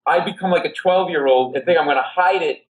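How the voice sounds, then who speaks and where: A middle-aged man from Rhode Island, a guest comedy writer telling a comic story, who acts out the people in it with big jumps in pitch. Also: fast talker, low-quality recording.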